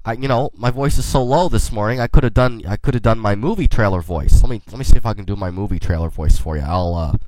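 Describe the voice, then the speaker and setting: A man's voice: lowish voice, fast talker, few pauses, a little mellow, dry recording, rough recording. A man hosting his own podcast, talking alone in a rambling, chatty way with folksy asides, a little sick. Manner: playful in-character space banter. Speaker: podcast host. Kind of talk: casual solo podcast monologue.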